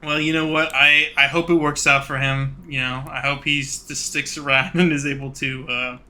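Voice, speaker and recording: A man co-hosting a podcast, talking casually about a book in a measured, hedging way. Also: medium pitch, little pitch movement, bright, forceful tone. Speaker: podcast co-host.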